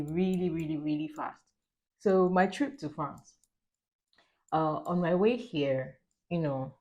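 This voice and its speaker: Low-voiced woman vlogging casually. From Nigeria. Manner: chatty, animated storytelling with laughs. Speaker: lifestyle vlogger. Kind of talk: casual get-ready-with-me chat.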